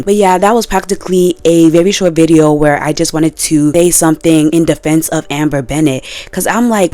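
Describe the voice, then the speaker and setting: Slangy, animated woman vlogging. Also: low-pitched, moderate pace, hardly any pauses, dry recording. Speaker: video creator. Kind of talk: casual commentary vlog.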